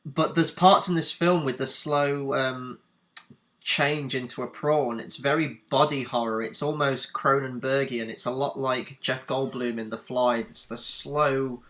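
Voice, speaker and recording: A man's voice: mid-range voice, steady tone, measured pace, a bit bright. A man co-hosting a film podcast, chatting eagerly about movies. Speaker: podcast co-host. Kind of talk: casual film chat.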